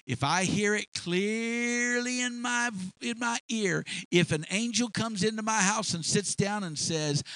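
A man's voice: high-pitched, a little slow, creaky, pushed and bright, no echo, rough recording. A man preaching a sermon with emphatic delivery that rises and falls. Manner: emphatic, rising and falling delivery.

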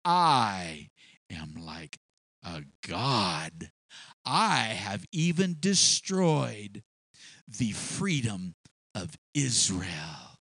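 A man's voice: on the low side, very animated, fairly bright tone, breathy edge, no echo, voice pushed down, full character voice. A man playing a boastful ancient king. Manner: bragging, self-important, drawn-out words.

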